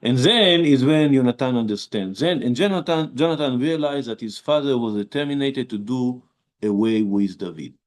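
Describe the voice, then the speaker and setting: Brief: male rabbi, mid-pitched, informal class, hesitant explaining style. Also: a little mellow. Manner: halting, with many restarts and fillers, reads verses aloud. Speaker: rabbi teaching a Bible class. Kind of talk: informal Bible lesson.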